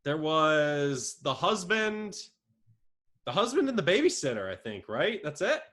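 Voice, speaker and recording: Slightly high and slightly slow, this young man's voice carries a casual podcast conversation he co-hosts. Stories come out animated and laughter comes often.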